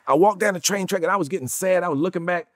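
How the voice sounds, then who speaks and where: A middle-aged man from North Carolina, telling stories in an interview and acting out the quotes with big swings in pitch and loudness. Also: very fast, dry recording, studio quality. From North Carolina, USA. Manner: acts out quotes with big jumps in pitch and volume. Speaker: actor, interview guest. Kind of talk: animated storytelling. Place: studio.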